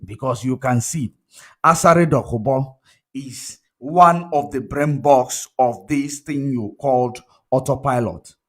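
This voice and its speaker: A man's voice: mid-range voice, slow pace. A man giving an impassioned commentary monologue, emphatic and repetitive, full of rhetorical questions. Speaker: commentary vlogger.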